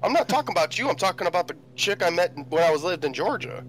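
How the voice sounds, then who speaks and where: A man's voice: sits high, lively intonation, fast talker, a little hiss or hum, rough recording. Dry storytelling man from the Chicago area. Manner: dry, telling stories. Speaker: co-host of a flight sim stream. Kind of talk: casual chat.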